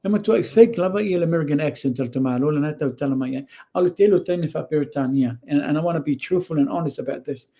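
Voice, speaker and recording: A man's voice: fairly high pitch, very fast, few pauses, warm tone. A man with a Samoan accent hosting a show, giving blunt, opinionated commentary and mixing Samoan with English. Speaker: host. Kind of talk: casual commentary.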